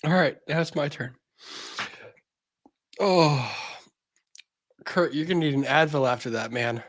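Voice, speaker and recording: A man's voice: a little high, unhurried. A male host giving a comedic dramatic reading of a legal document in a mock newscaster tone, breaking off for sarcastic asides.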